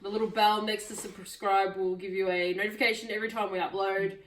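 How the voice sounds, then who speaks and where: A woman's voice: mid-range voice, little pitch movement, quick pace, distant mic. A woman with an Australian accent hosting a casual vlog chat, talking in a chatty, giggly way. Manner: chatty, giggly, sign-off patter. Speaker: vlog host. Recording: roomy echo.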